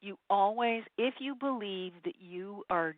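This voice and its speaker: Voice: mid-range voice, measured pace, dry recording. Advisor on a tinny webinar line. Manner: direct advice to sales teams, frequent "um" fillers. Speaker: sourcing advisory consultant presenting a webinar. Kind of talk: webinar presentation. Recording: tinny phone-line webinar audio, dry.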